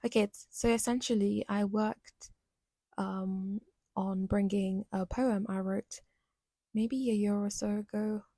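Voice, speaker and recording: A woman's voice: medium pitch, fairly even intonation, takes it slowly, warm tone, no room sound. A young woman hosting a solo podcast, talking in a rambling, chatty, self-deprecating way. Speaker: podcast host. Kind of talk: casual solo podcast monologue.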